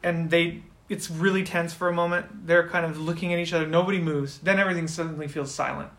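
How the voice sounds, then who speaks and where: A man runs a tabletop role-playing game as game master and narrates the scene. He talks in a slightly high voice and breaks into loud outbursts when he voices characters. The room gives his voice a noticeable echo. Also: fairly even intonation, fast.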